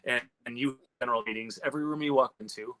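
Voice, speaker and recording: A man, a screenwriter and comic writer, telling a candid story in an animated, profane way with many restarts. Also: medium pitch, fast talker, dry recording, rough recording.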